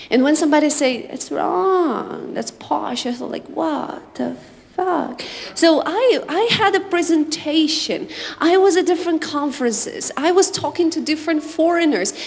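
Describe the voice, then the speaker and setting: A young woman from Uzbekistan teaching an English speaking class, talking to her students in a lively, animated way. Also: sits high. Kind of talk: classroom instruction and anecdote. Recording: reverberant room, faint background noise.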